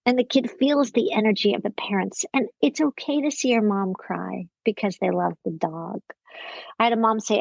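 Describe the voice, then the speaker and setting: Lively woman psychiatrist telling stories. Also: mid-range voice, normal speed, creaky, no room sound. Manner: warm-hearted storytelling, lively, quotes people in acted voices. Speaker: psychiatrist and parenting expert, guest. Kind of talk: podcast interview conversation. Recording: dry, slightly dull recording.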